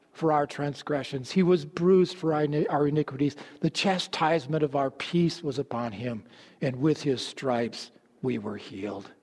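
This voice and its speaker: A man preaching a sermon, telling stories and dropping low and slow to stress his points. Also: a little mellow. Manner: storytelling, drops low and slow for emphasis. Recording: long hall reverb.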